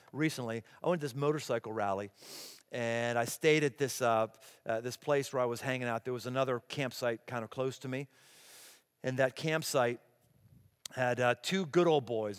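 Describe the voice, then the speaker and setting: A middle-aged man preaching a sermon as pastor, animated and emphatic, acting out the people he quotes. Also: medium pitch, moderate pace. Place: large church auditorium. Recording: long hall reverb.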